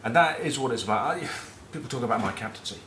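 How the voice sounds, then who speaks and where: The middle-aged northern Englishman here, once a rugby captain and speaking with a Northern English accent, talks fast and expressively in a medium-pitched, fairly bright voice. His casual rugby chat rambles through cheeky, sweary match talk and anecdotes. An echoey room adds a little hiss or hum.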